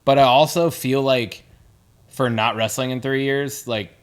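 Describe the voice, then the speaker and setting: A man talks through wrestling results with his co-host in an easy, rambling way. His voice sits at a middle pitch, and he stumbles and restarts as he jokes along. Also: fairly even intonation, a little slow, clear, resonant tone. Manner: loose, joking, many restarts and fillers. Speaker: podcast co-host. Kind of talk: casual wrestling recap chat.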